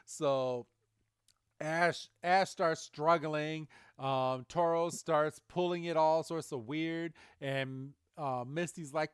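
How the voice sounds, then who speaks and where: A man hosts a casual podcast and recaps an episode in a chatty way, laughing often. His voice is smooth and clear and sits slightly high. The sound is dry and close. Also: steady tone, slow, dry recording. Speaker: podcast host. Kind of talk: casual chat.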